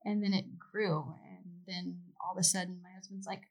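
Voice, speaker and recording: A middle-aged woman from Oregon, a podcast guest in casual chat, telling animated stories with frequent laughs and the odd swear word. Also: lowish voice, moderate pace, low-quality recording.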